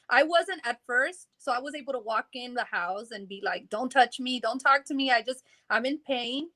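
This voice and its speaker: A woman's voice: on the high side, sharp tone. A woman telling her story in a casual interview, rambling and acting out what people said, with laughs in between. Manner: rambling, acts out quoted dialogue, laughs in between.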